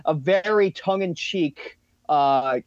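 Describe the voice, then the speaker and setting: A man, a guest on a casual podcast, speaking haltingly with many fillers. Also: a little high, no room sound. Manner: hesitant, many fillers and restarts. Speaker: guest, haunted attraction co-owner. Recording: dry, dull lo-fi sound.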